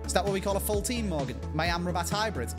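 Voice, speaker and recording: A man's voice: high voice, expressive, fast talker, music in the background. A young man playing a football video game with a friend, teasing him and mock-complaining. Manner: teasing, mock-indignant, shouts at the ref. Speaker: gaming YouTuber, guest. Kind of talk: gaming banter.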